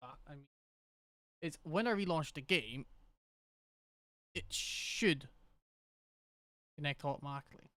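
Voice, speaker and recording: A man's voice: a little high, animated, a little slow, long pauses, bright, forceful tone, no echo. A man with a Scottish accent streaming a game, rambling and thinking aloud as he troubleshoots his setup. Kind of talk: casual gameplay commentary.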